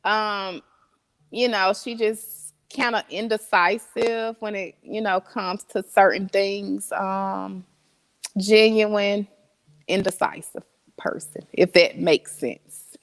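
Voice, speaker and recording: A woman as an interview guest, chatting casually, laughing often and answering slowly with fillers. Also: medium pitch, steady tone. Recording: long reverb.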